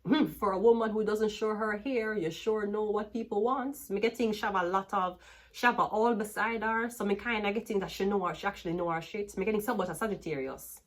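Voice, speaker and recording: This is a Jamaican woman in the middle of a relaxed tarot reading, her voice sitting at an ordinary middle pitch. She is outspoken and crude, laughs easily, and wanders into long patois-flavored tangents between the cards. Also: brisk. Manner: blunt, profane, laughs often, patois-heavy storytelling. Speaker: tarot reader.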